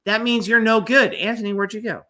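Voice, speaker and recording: A man's voice: high-pitched, fairly even intonation, fairly quick, sharp tone. A man hosting a casual livestream chat, talking bluntly and swearing freely. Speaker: stream host.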